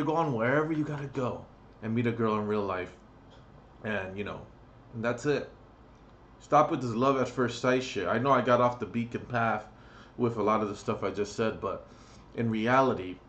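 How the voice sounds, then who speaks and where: A man's voice: medium pitch, a little hiss or hum. A man ranting on his vlog, crude and profane, blunt and mocking. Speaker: vlogger.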